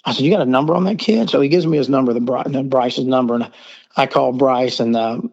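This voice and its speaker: As a guest on a podcast, this middle-aged man with a Southern US accent tells long, rambling casual stories and plays out the quoted dialogue. His medium-pitched voice is creaky and a little mellow, and he talks fast. Over a remote call, the audio sounds dull.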